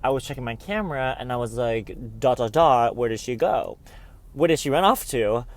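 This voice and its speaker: A man's voice: mid-range voice, expressive, normal speed. Young man, casual vlog, chatty and dramatic, mid-range voice, faint noise. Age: young adult. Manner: chatty and dramatic, says "babes" often. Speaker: vlogger.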